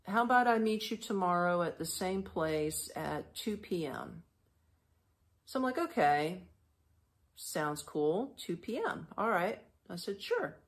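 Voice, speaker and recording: A woman from the United States, hosting a podcast and telling a travel story in a chatty, animated way with lots of fillers and acted-out dialogue. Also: fairly low pitch. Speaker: podcast host. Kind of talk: casual storytelling.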